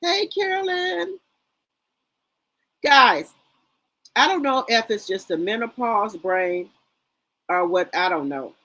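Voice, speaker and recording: A woman's voice: medium pitch, lively intonation, a little slow, pauses often, bright, forceful tone, rough recording. Chatty woman hosting a live chat. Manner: chatty, greets viewers by name, trails off with fillers. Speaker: livestream host. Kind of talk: casual live chat reading viewer comments.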